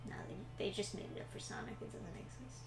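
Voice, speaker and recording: A woman playing a video game and chatting casually, blunt and swearing when the game frustrates her. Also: fast. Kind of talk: casual gameplay chat. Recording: roomy sound with faint hum.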